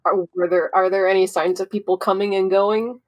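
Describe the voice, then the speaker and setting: A woman's voice: mid-range voice, steady tone, fairly quick. Blunt, swearing woman player. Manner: blunt, profane, hesitant fillers. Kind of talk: casual tabletop play.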